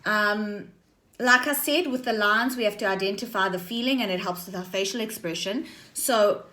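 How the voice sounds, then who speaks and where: A woman teaches her class a drama lesson, explaining slowly and deliberately step by step and frequently checking in with "okay?" and "right?". Her voice is medium-pitched, bright and forceful.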